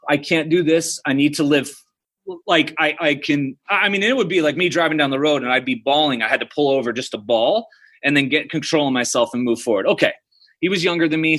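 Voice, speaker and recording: High-voiced storytelling man. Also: fast, a bit bright. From United States. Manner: casual, storytelling, uses "dude" and "like" often. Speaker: guest. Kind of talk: podcast interview.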